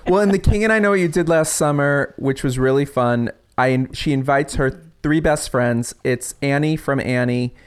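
A man's voice: mid-range voice, normal speed, hardly any pauses, clear, resonant tone. A man in an easygoing podcast chat tells the story of his stage comedy. He jumps into the characters' lines as he goes and laughs a lot along the way. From United States. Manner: acts out his characters' lines in quoted voices, laughs often. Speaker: playwright guest.

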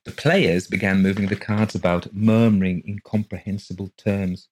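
A man narrating a ghost story for a podcast in a steady, measured way. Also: low voice, rough recording. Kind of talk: scripted ghost story reading.

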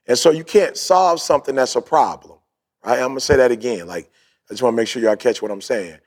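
A man's voice: medium pitch, fast. A man co-hosting a podcast, casually telling a story with slang and acting out quoted talk. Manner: animated storyteller, acts out quoted dialogue; uses street slang, "yo, bro". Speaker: podcast co-host. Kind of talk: casual chat.

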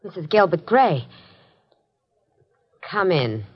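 A woman's voice: fairly low pitch, very animated, slow pace, breathy edge, full character voice. An actress playing a cold, sarcastic young woman in a 1950s radio drama, brassy and mocking. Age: young adult. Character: cold, mocking young mistress after money. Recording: muffled 1950s radio broadcast.

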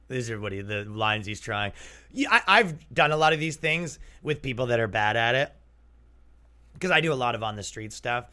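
A man's voice: medium pitch, lively intonation, normal speed, sharp tone. A young man hosting a comedy podcast, chatting loosely and jokingly, slipping into exaggerated mock voices. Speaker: podcast host. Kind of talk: casual comedic podcast riffing.

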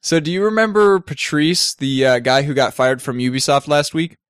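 A young man co-hosting a casual gaming news chat, wry and quick to laugh as he reads news items. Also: a little high, a bit bright, smooth, no room sound, clean studio sound. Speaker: co-host.

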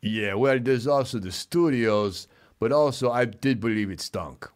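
A man hosting a comedic chat show, talking in a deadpan, mumbling way. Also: medium pitch, measured pace. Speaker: host.

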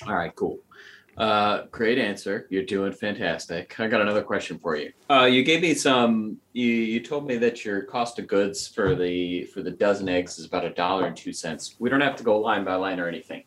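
A man's voice: lowish voice, moderate pace. A man interviewing a guest in a casual, upbeat and encouraging way.

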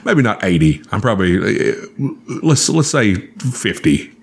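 Casting: very low-voiced man, swearing, animated storyteller on a chat show. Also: a little slow, creaky, breathy edge.

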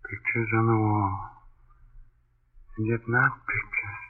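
A man's voice: fairly low pitch, level tone, takes it slowly. A man playing a husband watching a ghostly murder in a 1930s radio drama. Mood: awestruck. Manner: hushed, awestruck, urgent. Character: shaken husband witnessing a ghostly scene. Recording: dull, faintly hissy old radio recording.

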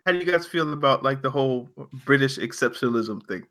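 A man's voice: medium pitch, lively intonation, fast, fairly bright tone. A man co-hosting a football podcast, joking around and steering the chat. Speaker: podcast co-host. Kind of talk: casual chat.

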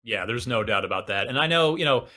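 Bright-voiced man in his forties, rambling. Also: medium pitch, animated, quick pace. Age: 40s. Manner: rambling, self-deprecating, many restarts. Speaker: podcast host. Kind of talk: casual gaming podcast chat.

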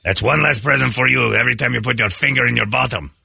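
A man's voice: medium pitch, quick pace, gravelly, sharp tone, breathy edge, no room sound, exaggerated voice. A man voicing a bossy live-in elf who watches and scolds a child, in a comedy radio bit. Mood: scolding.

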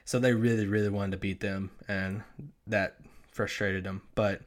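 This sports podcast co-host has a fairly low voice and talks at an ordinary pace. The conversation is loose and easygoing, full of "like" fillers and quick laughter.

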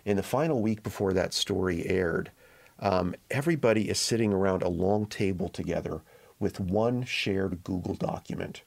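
A man being interviewed as a guest reporter, telling stories in a measured, reflective way. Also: low-pitched, gravelly, darkish tone. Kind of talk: conversational interview storytelling.

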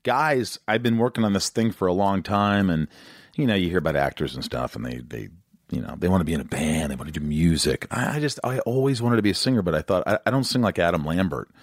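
Brief: male podcast host, 40s, very low voice, dry close sound, energetic and rambling. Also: fast talker, dry recording. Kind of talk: casual interview chat.

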